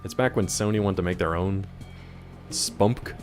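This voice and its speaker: Over music, a young man streams a game and chats casually in a low voice at a measured pace, answering chat and jumping from topic to topic as he plays.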